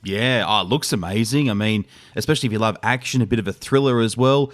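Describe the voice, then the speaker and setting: A man's voice: lowish voice, quick pace. A man hosting a film podcast, chatting casually, laughing often and rambling. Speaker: podcast host.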